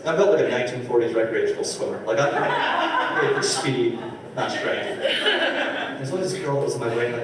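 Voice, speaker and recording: A man in his twenties performing a stand-up comedy set, telling stories and slipping quickly into voices for the people in them. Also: mid-range voice, background noise. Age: 20s. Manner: storytelling with quick character voices. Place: live comedy theater stage. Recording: roomy live recording from a distance. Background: audience laughter.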